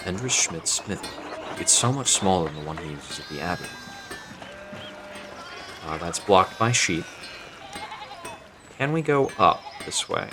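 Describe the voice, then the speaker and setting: Deep-voiced man musing through a game. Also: animated, measured pace, long pauses, music in the background. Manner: musing aloud with frequent fillers. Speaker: gaming channel host. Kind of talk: let's play commentary, reading dialogue aloud.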